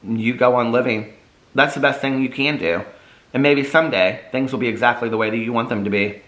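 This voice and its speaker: A man voicing a calm, kind male therapist who talks gently and reassuringly. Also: medium pitch, fairly quick, roomy sound, natural voice. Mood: gentle.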